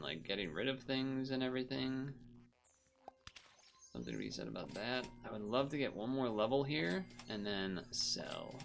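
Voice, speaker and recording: A man's voice: medium pitch, vocal fry, a bit bright. A man streaming a game, chatting casually and rambling between moves, often laughing. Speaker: gaming streamer. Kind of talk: casual commentary while playing.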